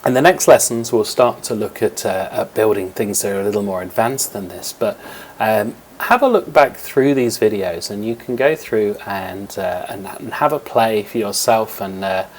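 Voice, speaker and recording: A man's voice: lowish voice, expressive, moderate pace, slight background noise. A man teaching young children a coding lesson over a screen recording, explaining step by step in a patient way, with fillers, into a computer microphone.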